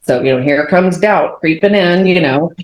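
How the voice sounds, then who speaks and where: Guest, woman in her 40s from Texas, low voice, lively storyteller, recorded in a reverberant room. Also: moderate pace. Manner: animated storyteller, many fillers, acts out quotes. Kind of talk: telling a personal faith testimony. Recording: roomy echo.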